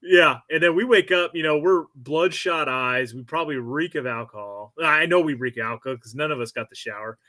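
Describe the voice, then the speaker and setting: A man's voice: on the high side, brisk, few pauses, sharp tone. A middle-aged man hosting a casual interview and telling rambling anecdotes, laughing easily. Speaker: podcast host, former Marine.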